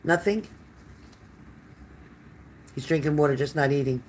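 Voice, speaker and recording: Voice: medium pitch, a little slow, slight background noise. A psychic card reader hosting a live stream, chatting loosely with viewers by name, with many fillers and restarts. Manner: chatty and warm-toned, addressing viewers by name and calling them honey. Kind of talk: casual live-stream card reading, answering viewer comments.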